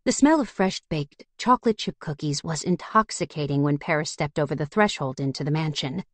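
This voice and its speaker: A woman narrating a fantasy audiobook in a steady storytelling manner. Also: sits low, fairly quick, no echo. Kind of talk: scripted narration.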